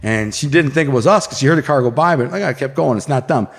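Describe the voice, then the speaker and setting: A man's voice: medium pitch, animated, fast talker, creaky, big-room sound. Rambling storyteller man with slangy talk. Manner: loose, rambling, slangy with many restarts. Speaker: interview guest, author. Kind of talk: casual storytelling.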